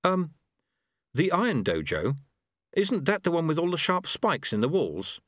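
A man's voice: medium pitch, big pitch swings, unhurried, no echo, clean studio sound. A man voicing an earnest young male monk who speaks urgently and politely.

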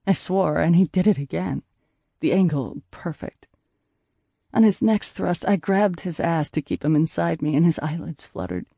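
A man reading a first-person audiobook in a soft, intimate way, at times dropping to a breathy hush. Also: a little high, animated, moderate pace, no echo, studio quality. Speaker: audiobook narrator.

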